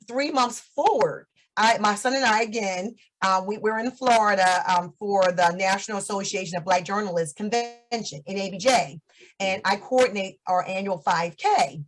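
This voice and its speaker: A woman's voice: mid-range voice, moderate pace, rough recording. A woman in her fifties, a guest on an interview show, telling her story in a chatty way and laughing often. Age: 50s.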